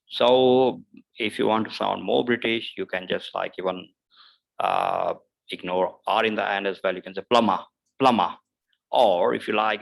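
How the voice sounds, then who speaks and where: With a fairly low, creaky voice, a male teacher works through English pronunciation online, slowly repeating every example word several times and dropping frequent fillers between points. The recording is rough.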